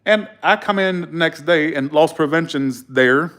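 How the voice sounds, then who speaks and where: A man telling stories to camera in a casual vlog, blunt and profane, animated and chuckling between remarks. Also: a little high, normal speed. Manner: blunt, profane, animated storyteller who acts out arguments. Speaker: vlogger.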